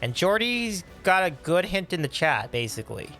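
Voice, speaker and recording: A man hosting a casual livestream, reading and answering chat with upbeat, animated talk and frequent laughs. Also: high voice, normal speed, faint music behind. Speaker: livestream host.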